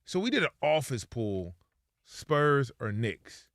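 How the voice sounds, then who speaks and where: Animated, bright-voiced male sports co-host. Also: medium pitch, takes it slowly, no echo, clean studio sound. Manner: animated storytelling with playful quoted voices. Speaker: sports talk show co-host. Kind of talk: casual sports radio chat.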